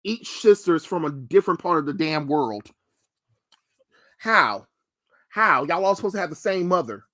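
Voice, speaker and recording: A man's voice: a little high, lively intonation, moderate pace, fairly bright tone. A young man streaming live, reacting to trailers with blunt, mocking, profane rants. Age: young adult.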